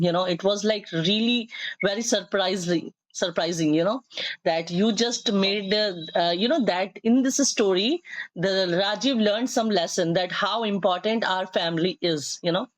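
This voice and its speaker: A woman's voice: mid-range voice, a little slow, dry recording, poor audio. A woman giving effusive praise as a speaking practice partner. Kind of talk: casual feedback.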